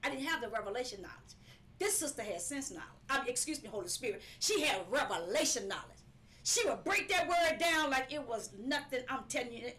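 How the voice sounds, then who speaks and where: A woman's voice: high-pitched, lively intonation, brisk, bright, forceful tone. A woman preaching a live-streamed sermon, emphatic and repetitive, sometimes breaking into laughing cries.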